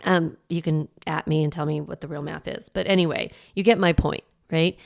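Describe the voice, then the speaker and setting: Gravelly, low-voiced woman coach. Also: fairly even intonation. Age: middle-aged. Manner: chatty, full of "like" and quick restarts. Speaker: parenting coach and podcast host. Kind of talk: casual solo podcast teaching.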